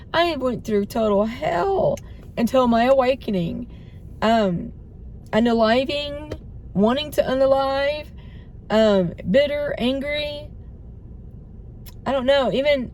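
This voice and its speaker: A hoarse middle-aged woman vlogging in a rambling, self-doubting way, laughing between thoughts and often trailing off. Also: a little high, a little mellow, a little hiss or hum. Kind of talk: rambling spiritual vlog chat.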